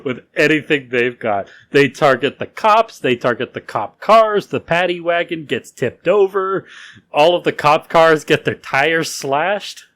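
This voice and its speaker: A man's voice: on the high side, lively intonation, measured pace, fairly bright tone. A man co-hosting a podcast, telling a history story in a casual way, laughing often and using loose fillers. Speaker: podcast co-host.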